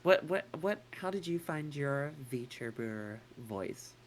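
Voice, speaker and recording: A woman's voice: low-pitched, animated, slow pace, a little hiss or hum. A woman co-hosting a casual chat, rambling and swearing casually, with a put-on American accent. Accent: non-native English put-on American. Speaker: co-host.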